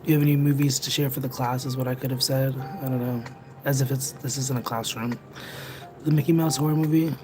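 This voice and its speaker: A young man chatting casually with viewers on a livestream, rambling and second-guessing himself out loud. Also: mid-range voice, steady tone, a little fast. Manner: rambling, self-conscious, overthinks aloud. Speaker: livestreamer and tarot reader. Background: music playing in the background.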